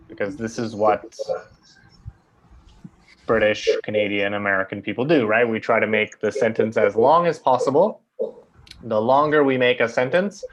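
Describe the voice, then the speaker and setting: A man's voice: on the low side, highs cut off. A man teaching an English grammar class, explaining patiently and checking often with "right?".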